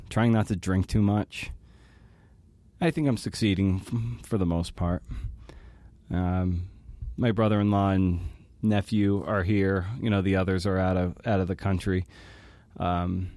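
Halting, low-voiced male podcast host. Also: a little mellow, no echo. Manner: halting and emotional, with many restarts. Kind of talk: personal monologue.

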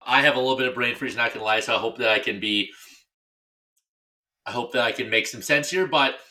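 A man's voice: mid-range voice, fairly quick, pushed and bright. A man co-hosting a podcast in casual chat, joking and ranting. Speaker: podcast co-host.

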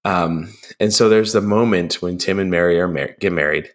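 A young man with a very deep voice co-hosts a relaxed podcast chat about a film. He rambles, fills gaps with ums, and slips into acted-out quotes. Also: moderate pace. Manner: rambling, lots of ums, acts out film lines in a raised voice. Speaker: podcast co-host.

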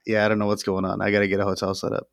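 A man's voice: fairly low pitch, completely flat delivery, racing, vocal fry, dry recording, studio quality. A man co-hosting a casual podcast, joking crudely and swearing freely, talking over a headset mic. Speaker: podcast co-host. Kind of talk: casual chat.

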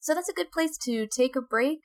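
Gravelly-voiced woman hosting a podcast. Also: high-pitched, fairly quick. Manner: steady, moderating, informative. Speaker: podcast host. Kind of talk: casual podcast discussion.

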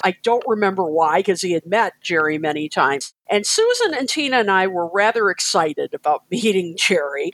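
Woman co-host telling an animated story. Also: on the low side, no room sound, poor audio. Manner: animated, laughing, with lots of fillers. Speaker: podcast co-host. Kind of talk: casual storytelling.

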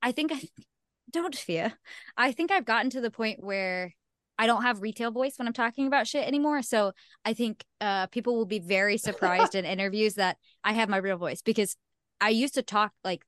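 A woman's voice: a little high, a little fast, fairly bright tone, no echo, clean studio sound. A young woman, a singer-songwriter guest on a podcast, talking frankly in casual chat, swearing freely and laughing at herself.

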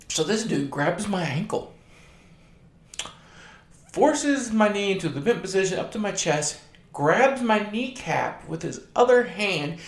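A man's voice: on the high side, gravelly, echoey room. A man telling a personal anecdote in a casual, rambling way, with a wry tone and many "um"s. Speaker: storyteller.

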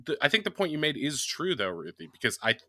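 A man co-hosting a podcast in casual chat, animated and rambling, often laughing. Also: on the high side, quick pace, dry recording, studio quality. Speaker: podcast co-host.

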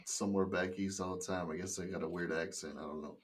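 A man with a fairly low voice co-hosts a casual podcast. He speaks in an easygoing, matter-of-fact manner. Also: steady tone, quick pace, slight background noise. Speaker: podcast co-host. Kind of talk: casual chat.

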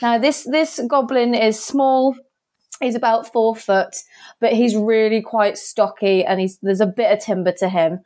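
A woman's voice: a little high, fairly even intonation, a little slow, darkish tone. Woman describing her game character. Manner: descriptive, frequent ums. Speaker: player.

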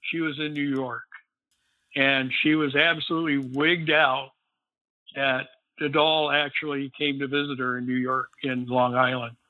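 A man's voice: mid-range voice, little pitch movement, measured pace, no room sound. A man, a guest, casually telling a long story in a rambling way, filled with "you know.". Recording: phone-like line, dry.

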